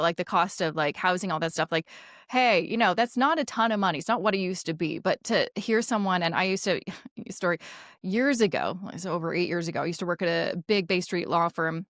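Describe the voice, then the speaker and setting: A woman's voice: lowish voice, brisk, fairly bright tone, no echo, clean studio sound. A woman financial advisor, a guest in a casual conversation, talking in long, chatty, affirming stretches. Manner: chatty and affirming, telling stories in long runs.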